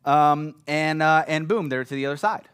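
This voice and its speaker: Chatty preacher man, slightly high voice. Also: moderate pace, a bit bright, smooth. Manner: chatty, often checks in with "right?", acts out quotes. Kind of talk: casual conversational sermon.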